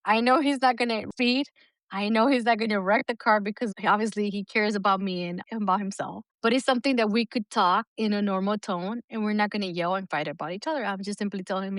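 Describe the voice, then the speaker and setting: A woman's voice: mid-range voice, fast talker, no room sound. A middle-aged woman co-hosting a podcast in casual chat, talking bluntly with plenty of swearing and frequent laughter. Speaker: podcast co-host.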